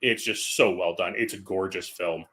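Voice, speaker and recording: A man's voice: deep voice, moderate pace, sharp tone. A man co-hosting a casual film podcast, gushing with enthusiasm and leaning on fillers like "like.". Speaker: podcast co-host. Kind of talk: casual chat.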